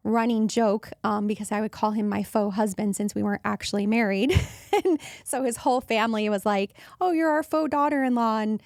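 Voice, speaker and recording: A woman in her thirties hosting a podcast, telling a personal story in a casual, animated way and acting out the voices of people she quotes. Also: brisk, no echo, clean studio sound. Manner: animated, acts out quoted voices with jumps in pitch. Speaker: podcast host.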